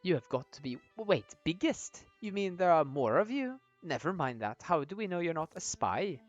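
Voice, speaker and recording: A man voicing a blunt, suspicious woman warrior with a curt, gruff manner. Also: a little high, sing-song, moderate pace, no echo, highs cut off, soft background music.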